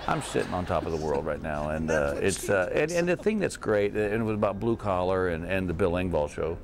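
Speaking low and brisk with hardly any pauses, a middle-aged comedian from Texas laughs through his own stories as an interview guest. The casual conversation takes place in a hotel room, with slight background noise, and he stays animated throughout.

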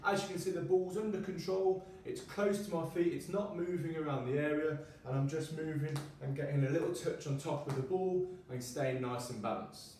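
A man's voice: a little high, fairly even intonation, normal speed, few pauses, a little mellow, distant mic, a little hiss or hum. Encouraging male PE teacher in echoey room. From United Arab Emirates school. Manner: encouraging, demonstrating while talking. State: a little out of breath while counting. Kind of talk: home workout lesson.

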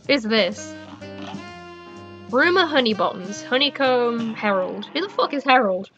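A young woman commentating a video game as she plays, excitable and swearing, with loud outbursts. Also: on the high side, a little slow, pauses often, lo-fi sound, faint music behind. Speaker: gaming streamer. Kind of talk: let's play commentary. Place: home room.

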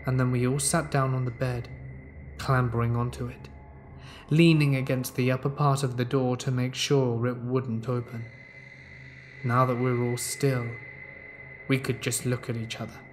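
Calm man narrating a horror story. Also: mid-range voice, a little hiss or hum. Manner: calm, measured first-person storytelling. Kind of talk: scripted narration of horror stories.

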